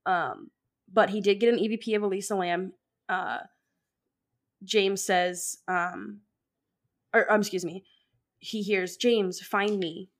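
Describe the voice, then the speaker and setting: Woman, podcast co-host, casual chat, rambling, excitable, lots of "like". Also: medium pitch, a little slow, long pauses. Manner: rambling, fills with "like"; excitable, laughs often.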